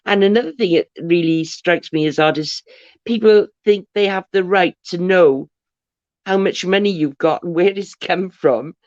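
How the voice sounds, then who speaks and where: A woman's voice: lowish voice, normal speed, a little mellow, no room sound. Woman, casual livestream chat, rambling anecdotes, muffled dry sound. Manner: chatty storyteller, rambling with restarts. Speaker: livestream host. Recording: dull lo-fi dry livestream audio.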